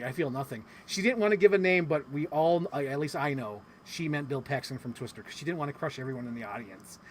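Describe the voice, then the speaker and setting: Chatty man, slightly high voice. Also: a little hiss or hum. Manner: animated, rambling, swears often, heavy use of "like". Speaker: podcast host. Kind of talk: casual chat recapping a convention.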